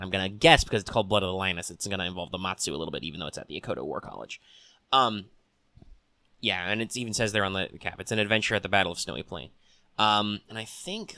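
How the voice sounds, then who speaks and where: Male host, casual rambling news chat into a desk mic; low-ish, bright, dry close sound. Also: clear, resonant tone, no room sound. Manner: rambling, frequent ums and restarts, swears casually. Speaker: tabletop RPG news host. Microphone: desk mic on arm.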